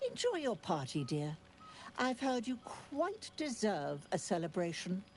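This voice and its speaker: Tara, a doting genteel cat. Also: female voice, medium pitch, wildly swooping pitch, a little slow, a little mellow, a little hiss or hum. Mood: fond. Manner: genteel, affectionate endearments. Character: prim talking female cat, fond and doting. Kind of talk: video game voice acting.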